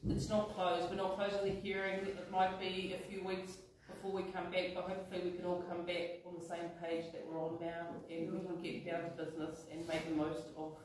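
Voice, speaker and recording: A man giving closing remarks as a hearing commissioner, halting, with many fillers. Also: sits high, monotone. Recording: echoey hall from far off with noise.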